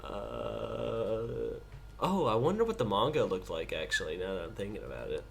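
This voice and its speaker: Low-voiced man, halting and dry. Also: big pitch swings, gravelly, a little hiss or hum. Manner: hesitant, halting restarts, dry understatement. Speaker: podcast co-host. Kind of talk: casual chat.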